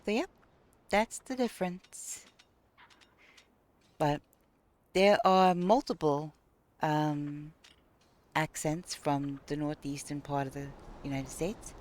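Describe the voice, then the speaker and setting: A woman's voice: low-pitched, takes it slowly, pauses often. A woman with a New York accent chatting casually with her viewers while gaming on a live stream, laughing often. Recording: game music playing behind.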